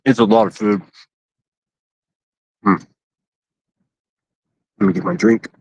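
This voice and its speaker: A man's voice: fairly low pitch, little pitch movement, slow pace, breathy edge, no echo. A man from Pittsburgh chatting casually and a bit crudely on a phone livestream from an outdoor city park. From Pittsburgh, USA. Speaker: IRL livestreamer.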